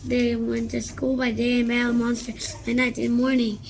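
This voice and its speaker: A woman reading a children's book aloud, halting often and repeating words as she goes. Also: fairly high pitch, monotone, a little mellow, faint music behind, rough recording. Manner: halting, many restarts and repeats. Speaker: reader.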